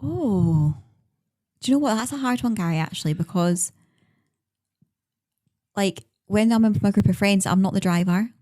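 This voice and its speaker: A woman's voice: medium pitch, warm tone. A young woman, a podcast guest, chatting casually and enthusiastically. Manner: fast, bubbly, enthusiastic. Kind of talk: casual chat. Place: small podcast studio.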